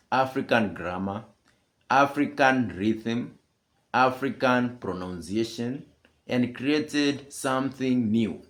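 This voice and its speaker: A man delivering scripted commentary as a channel host, emphatic and full of rhetorical questions. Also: medium pitch.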